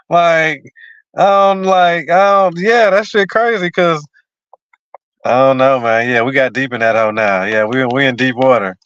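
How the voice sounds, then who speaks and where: A man's voice: mid-range voice, a little slow, fairly bright tone, clean tone, no echo, dull audio. A man chatting casually as co-host, laid-back and full of slang. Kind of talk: casual chat.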